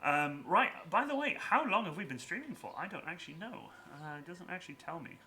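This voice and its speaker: A man chatting on a live stream, telling cosplay stories with lively laughter. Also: high-pitched, fairly quick. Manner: animated storytelling, laughs often. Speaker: Twitch stream host asking cosplay questions. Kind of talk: casual chat.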